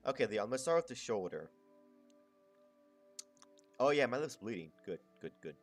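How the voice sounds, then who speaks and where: A man's voice: medium pitch, very animated, moderate pace, faint music behind. A man chatting casually to his stream as he draws, rambling, muttering and swearing. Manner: rambling, muttering to himself, crude slang. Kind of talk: casual chat while drawing.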